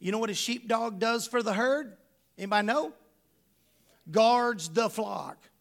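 A middle-aged man delivers a sermon as pastor, his voice pitched high and roughened with a gravelly edge. He talks to the congregation plainly, like a conversation, and presses his points home with rhetorical questions. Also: measured pace.

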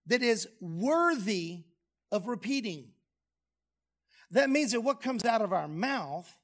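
A man preaching a sermon, lively and humorous, dropping low and soft on key phrases. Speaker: pastor. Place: church sanctuary.

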